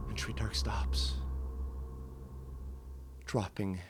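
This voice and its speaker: Deep, slow-talking man narrating a tabletop game. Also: a little hiss or hum. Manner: slow, dramatic storytelling. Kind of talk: improvised solo tabletop role-play narration. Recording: voice over background music.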